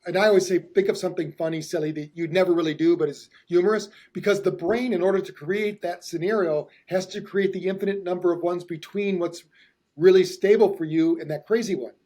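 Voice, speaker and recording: High-voiced enthusiastic man explaining. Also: fairly even intonation, fairly quick, mellow. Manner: enthusiastic, explanatory, talks in long run-on thoughts. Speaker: host, hypnotherapist. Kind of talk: casual podcast conversation.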